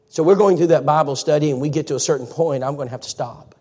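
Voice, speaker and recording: Folksy preacher in a reverberant hall. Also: male voice, on the high side, quick pace, hardly any pauses, mellow. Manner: folksy storytelling, acts out quotes. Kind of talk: storytelling sermon.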